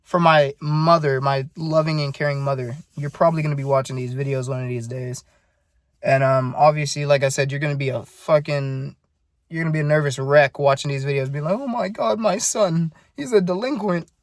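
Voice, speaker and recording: A man's voice: mid-range voice, flat delivery, fairly quick, no echo, studio quality. A nineteen-year-old man rambling in a casual video diary, earnest and full of swearing. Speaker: vlogger.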